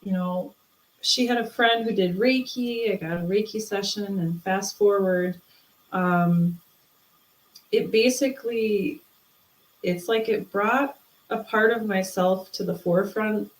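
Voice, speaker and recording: A woman's voice: medium pitch, slow pace, roomy sound, poor audio. A woman, an interview guest, telling a personal story in casual chat and acting out the voices she quotes. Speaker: interview guest, spiritual medium.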